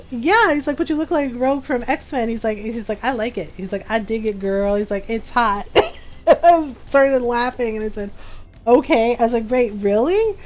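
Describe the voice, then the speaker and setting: A woman's voice: a little high, expressive, moderate pace, darkish tone. Chatty woman in her forties, laughing often. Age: 40s. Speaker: streamer. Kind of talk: casual chat while gaming.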